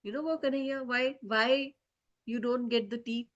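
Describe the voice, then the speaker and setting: A woman voicing a doting mother who gently coaxes and teases her little son in a storybook telling for children. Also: on the high side, fairly even intonation, unhurried, dull audio. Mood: coaxing. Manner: gentle, coaxing, teasing.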